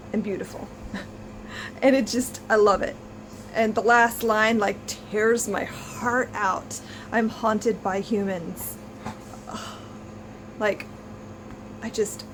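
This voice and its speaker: A woman's voice: a little high, slight background noise, low-quality recording. A woman in her thirties chatting to camera as a book vlogger, gushing and effusive with many restarts. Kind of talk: casual chat to camera.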